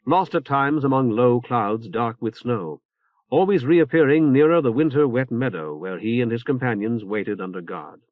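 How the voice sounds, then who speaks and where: A man's voice: medium pitch, no echo. Man reading an audiobook, tinny and dry. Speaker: audiobook narrator. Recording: tinny phone-like cassette recording.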